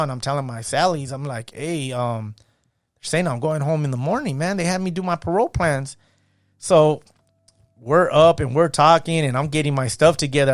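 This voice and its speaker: In a podcast studio, this middle-aged guest from the San Gabriel Valley in California recounts his own story in casual talk, his medium-pitched voice smooth. He performs the voices of the people he quotes and leans on fillers such as "you know what I mean." The sound is studio quality, with no room sound.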